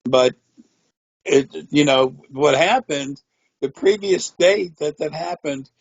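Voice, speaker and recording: A man's voice: on the high side, slow, creaky, no echo, muffled recording. A man telling a rambling personal story in a matter-of-fact way, with frequent swearing. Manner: meandering, profane, matter-of-fact. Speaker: interviewee.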